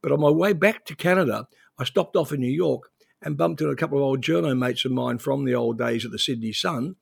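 Older gravelly man from New Zealand. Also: mid-range voice, fairly quick, no room sound, clean studio sound. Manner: anecdotal, rambling with restarts. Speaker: interview guest, former journalist. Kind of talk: conversational interview.

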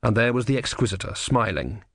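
A man reading an audiobook in measured, dry storytelling narration. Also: on the low side, animated, a bit bright, dry recording. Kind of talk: scripted narration.

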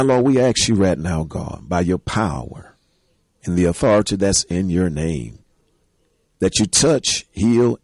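A man serving as pastor prays aloud with growing fervor. His voice is very low and husky, and it is recorded dry and close with no room sound. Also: a little mellow, no echo. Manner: earnest, rising in fervor while praying. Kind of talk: spoken prayer.

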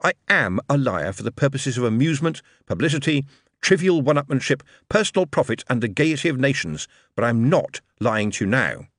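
A man's voice: medium pitch, sing-song, fairly quick, fairly bright tone, dry recording, studio quality. A man voicing a glib, charming male showman who talks in a persuasive, theatrical, emphatic way. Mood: earnest.

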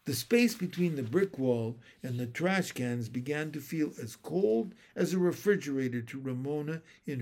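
Male narrator for children's book, slow, lively pitch, slightly high. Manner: expressive, unhurried. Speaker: storyteller. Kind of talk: children's book read-aloud.

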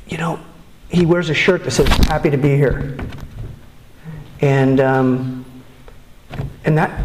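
In an echoey room at a recovery meeting, a middle-aged man with a voice on the high side gives candid personal testimony. He is earnest and halting, frequently restarting his sentences.

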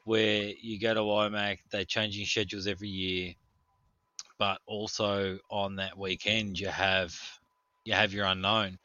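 A man telling stories on a casual podcast, animated and quick to laugh. His voice is bright and forceful, recorded dry and a little dull and lo-fi. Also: on the low side, no echo. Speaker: podcast co-host. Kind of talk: casual storytelling chat. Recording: dull, lo-fi sound.

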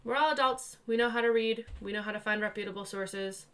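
A young woman co-hosting a podcast in casual chat, bubbly and quick to laugh. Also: medium pitch, steady tone, fairly bright tone. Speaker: podcast co-host.

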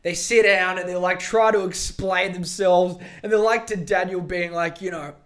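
A man's voice: high-pitched, fairly even intonation, moderate pace, a bit bright. A man hosting a podcast alone, ranting in a profane, rambling, emphatic way. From Australia. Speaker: podcast host. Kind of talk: solo podcast rant.

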